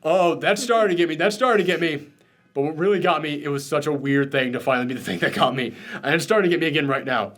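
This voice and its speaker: A man's voice: on the high side, fast talker, fairly bright tone. A man hosting a spoiler discussion, emotional and choked up, gushing and swearing freely as he talks. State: tearful, choked up. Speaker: host.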